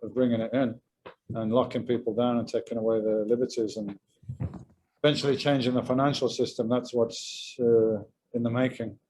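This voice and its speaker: A man, a guest in a casual interview, talking in a relaxed, measured way with frequent fillers. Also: mid-range voice, low-quality recording. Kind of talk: casual video-call interview.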